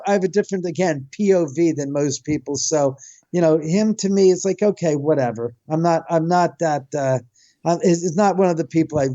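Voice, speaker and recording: A man telling a long, rambling story in casual chat, animated and swearing freely. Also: on the high side, no room sound, dull audio. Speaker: guest, house owner.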